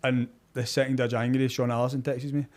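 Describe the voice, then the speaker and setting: A man's voice: mid-range voice, flat delivery, fast, darkish tone. A Scottish man chatting on a podcast, joking, swearing and often restarting his sentences. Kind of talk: casual chat.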